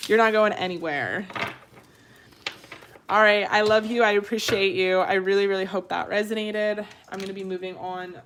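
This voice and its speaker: A woman's voice: medium pitch, steady tone, moderate pace, pauses often, noisy background. A woman giving a live tarot reading with channeled messages, talking casually and frankly, swearing freely and laughing often. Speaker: tarot reader.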